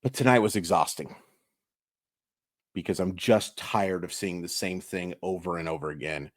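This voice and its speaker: A man talking through a baseball recap for his daily channel, tired and emphatic as he vents. His voice sits on the low side and the sound is dry and close, with no room around it. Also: moderate pace, no room sound. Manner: exasperated, emphatic venting. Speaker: sports YouTuber.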